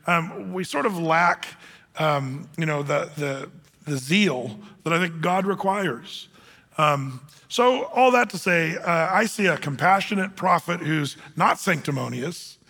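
Bright-voiced pastor in a reverberant hall. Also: male voice, fairly high pitch, gravelly. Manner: conversational, many fillers and restarts, acts out scripture quotes. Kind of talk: casual Bible teaching.

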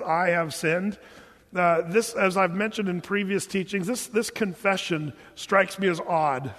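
A pastor preaching a sermon, animated and joking, acting out quotes as he teaches. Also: high-pitched. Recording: long hall reverb.

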